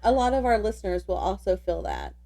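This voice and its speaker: A woman's voice: medium pitch, huge pitch swings, gravelly, a crowd in the background. A middle-aged woman co-hosting a podcast, chatting easygoing and laughing along. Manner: easygoing, quick to laugh, supportive. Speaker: podcast co-host. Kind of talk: casual chat.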